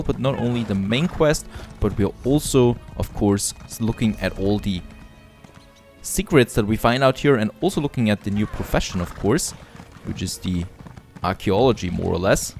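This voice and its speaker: Gravelly man narrating his gameplay. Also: mid-range voice, a little mellow. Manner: upbeat, admires the scenery aloud. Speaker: let's play host. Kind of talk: casual gameplay commentary.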